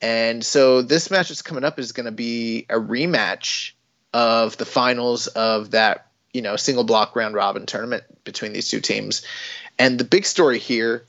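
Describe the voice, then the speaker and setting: A man's voice: mid-range voice, steady tone, moderate pace, fairly bright tone. A man chats casually about wrestling and rambles from one point to the next, with plenty of ums and you-knows. His recording sounds dull and muffled. The room is dry, with no echo at all. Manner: rambling, many fillers and restarts. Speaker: podcast co-host.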